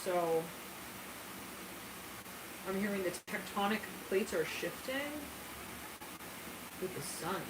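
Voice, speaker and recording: A woman's voice: medium pitch, lively intonation, takes it slowly, long pauses. A woman giving a casual, channeled tarot reading in a chatty, giggly way, with frequent asides. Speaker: tarot reader. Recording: roomy, distant mic with background noise.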